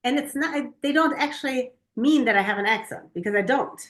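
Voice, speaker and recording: Middle-aged female co-host from Germany, higher-pitched, animated anecdotes. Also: a little fast. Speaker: podcast co-host. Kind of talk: casual chat, storytelling.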